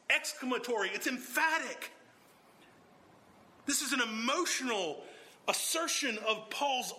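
A man preaching an expository sermon, emphatic and swinging from low, even delivery to sudden exclamations. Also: a little slow, long pauses.

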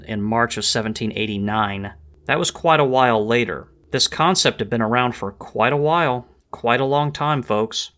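A man's voice: medium pitch, sharp tone. A man hosting a history and politics show, speaking in an emphatic, lecturing monologue and reading quotations aloud with added stress. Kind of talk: monologue on the Second Amendment.

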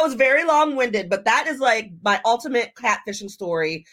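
A woman hosting her own podcast and telling a story in a casual way, animated and laughing as she acts out what people said. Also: fairly high pitch, normal speed, background noise. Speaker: podcast host.

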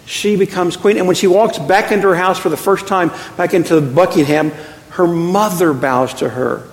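Animated male pastor in an echoey hall. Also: high voice. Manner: animated storyteller, quick asides, self-deprecating. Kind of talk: sermon. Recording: echoey hall with long reverb.

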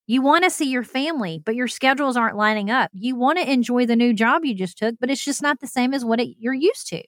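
A woman's voice: fairly high pitch, fast talker, a bit bright, no room sound, clean studio sound. A woman, hosting a podcast and telling a self-deprecating personal story straight to her listeners. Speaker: podcast host.

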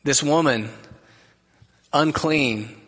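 A man preaching a sermon as pastor, earnest and conversational, dropping to a soft gentle voice for quoted words. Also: fairly high pitch, drawn-out words, breathy edge. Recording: long reverb of a large hall.

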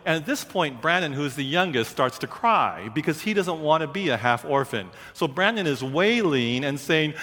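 A male preacher tells a story in an animated, dramatic way, circling back on repeated phrases. His voice is of middle pitch and carries a long hall reverb. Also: normal speed, few pauses. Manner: animated, dramatic, repetitive cadence. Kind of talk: sermon storytelling.

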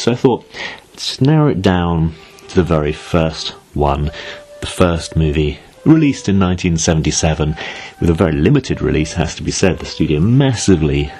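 A man's voice: sits low, a little mellow. A man from Britain hosting a solo podcast, talking in a chatty, wry way and musing aloud with asides. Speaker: podcast host.

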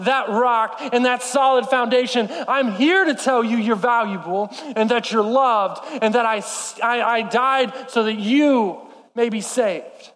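Male preacher, high-pitched, passionate sermon delivery, recorded in a reverberant hall. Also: unhurried, fairly bright tone. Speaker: pastor.

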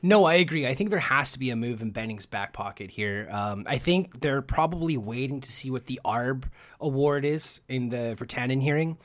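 A man's voice: medium pitch, animated, moderate pace. A man co-hosting a casual sports podcast, chatty, with many fillers and restarts. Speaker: podcast co-host.

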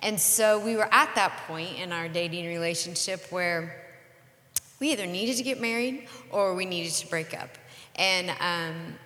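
Low-voiced woman in her forties, reverberant room. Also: pushed and bright. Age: 40s. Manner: earnest, reflective, measured. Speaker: podcast co-host. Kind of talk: candid personal storytelling.

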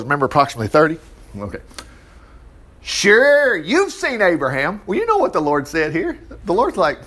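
Guy preaching through a bible passage, high voice, all over the place, keeps going wow and praise god. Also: slightly rough. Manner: animated, exclaiming and chuckling between verses. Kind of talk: sermon with scripture reading and commentary.

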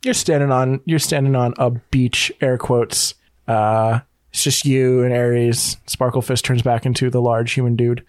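A man's voice: mid-range voice, fairly even intonation, measured pace, no echo, clean studio sound. Rambling young man running a tabletop game. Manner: rambling, joking, hesitant. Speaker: game master.

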